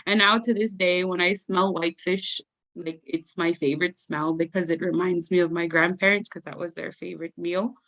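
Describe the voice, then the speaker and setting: A young adult woman telling funny family stories as a guest storyteller at a live event, animated and laughing often. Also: lowish voice, moderate pace. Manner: animated, laughs often, acts out family members in raised voices.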